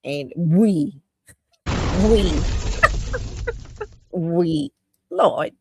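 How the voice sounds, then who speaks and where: A woman's voice: lowish voice, expressive, drawn-out words, noisy background. A woman giving heated, scornful commentary on a live stream, laughing and talking in a colloquial way. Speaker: commentator on a political talk stream.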